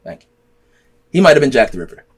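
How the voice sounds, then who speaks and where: A man's voice: medium pitch, sing-song, fast talker. A man hosting a podcast, telling stories in a loose, rambling way full of slang and swearing. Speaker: podcast host. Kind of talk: casual chat.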